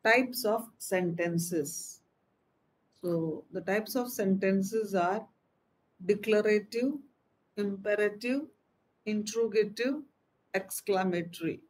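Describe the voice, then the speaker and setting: A woman teaches a grammar class at an unhurried, deliberate pace. She sits at a middle pitch, neither high nor low. She walks through each term step by step and reads out example sentences. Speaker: English teacher.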